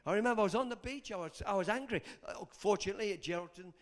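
A man's voice: sits high, rapid-fire. A man preaching a sermon, leading call-and-response and telling personal stories. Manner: impassioned, call-and-response, storytelling. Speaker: pastor.

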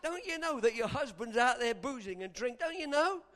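A man's voice: very high-pitched, big pitch swings, normal speed, fairly bright tone, full character voice. A preacher doing a doubting male psychiatrist. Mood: incredulous. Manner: probing, incredulous questions. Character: skeptical male psychiatrist, questioning.

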